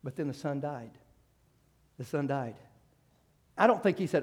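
Male preacher, slightly higher voice, storytelling sermon that swings from loud and rising to quiet. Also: moderate pace, pauses often, breathy edge. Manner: storytelling with acted quotes and restarts.

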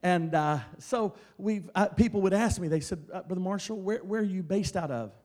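Middle-aged male evangelist, high voice, storytelling sermon that swells into shouting. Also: normal speed. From Mississippi. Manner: storytelling, building to loud shouted preaching. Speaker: traveling evangelist preacher. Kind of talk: Pentecostal sermon.

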